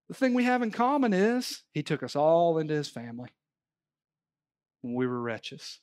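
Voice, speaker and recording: A man's voice: a little high, normal speed, long pauses, clean tone. A male pastor preaching a sermon at a church service, telling stories and pressing his points emphatically. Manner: animated, emphatic storytelling preacher.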